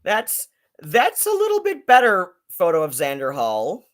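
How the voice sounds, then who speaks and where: A man's voice: sits high, wildly swooping pitch, measured pace, fairly bright tone. A man hosting a casual live-stream commentary, rambling and swearing, with many fillers and restarts.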